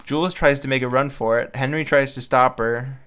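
A man's voice: medium pitch, steady tone, brisk, a bit bright, clean tone. Young man reading aloud and laughing. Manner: laughing, offhand, crude joking. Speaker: podcast co-host. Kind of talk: casual chat, reading fan fiction aloud.

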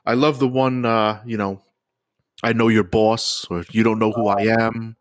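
Laid-back lower-voiced male cop. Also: flat delivery, normal speed, dry recording, studio quality. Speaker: police officer. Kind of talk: casual podcast chat.

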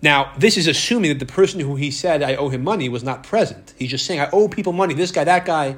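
Man, Talmud class lecture, fairly high voice, repeats himself as he explains. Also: expressive, quick pace, a bit bright. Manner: explains step by step, repeats words, restarts often. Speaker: Torah teacher.

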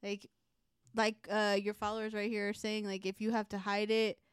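A young woman co-hosting a podcast, telling stories in a profane, animated, casual way. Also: medium pitch, moderate pace, smooth, no room sound, studio quality. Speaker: podcast co-host. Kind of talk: casual chat.

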